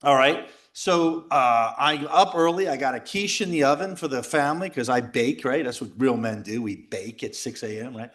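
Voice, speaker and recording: A middle-aged man speaking at a men's retreat, telling a personal story in a jokey, animated way and acting out the voices of others. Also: medium pitch, moderate pace, hardly any pauses. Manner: animated, jokey, acts out quoted voices and shouts. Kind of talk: lively storytelling talk. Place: retreat house talk before a live audience.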